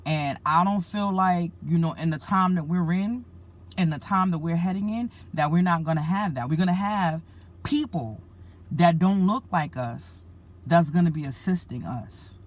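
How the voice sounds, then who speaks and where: A woman preacher, speaking in a lowish voice at a moderate pace, earnestly recounts a dream as part of a religious message. She repeats herself and addresses her listeners as family.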